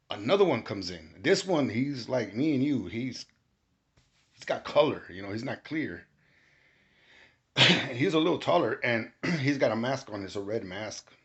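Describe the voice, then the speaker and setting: Gravelly-voiced man telling a story. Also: fairly low pitch. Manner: animated, rising to shouts when quoting himself. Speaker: storyteller recounting a spiritual experience. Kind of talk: casual testimony. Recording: dull lo-fi recording.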